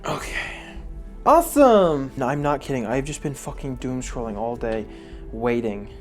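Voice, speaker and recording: A man's voice: mid-range voice, lively intonation, a little slow. Young man, casual home vlogger, over-the-top and self-mocking, cursing freely, faint music behind. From United States. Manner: dramatic, swearing, self-mocking. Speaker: streamer and vlogger. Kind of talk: casual vlog chat. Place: at home, setting up a computer.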